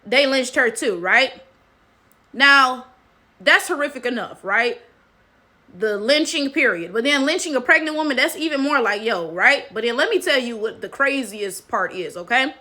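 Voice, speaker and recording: Bright high-voiced woman, emphatic commentary. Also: animated, normal speed. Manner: emphatic, repeats "right?" as tag question. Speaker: commentary channel host. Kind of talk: casual commentary monologue.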